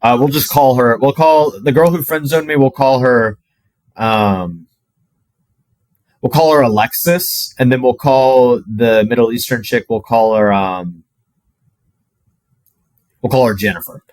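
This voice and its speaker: A man's voice: medium pitch, unhurried, long pauses, no room sound, poor audio. Casual young man telling a story. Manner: casual, animated, heavy filler "like", swears. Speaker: dating coach.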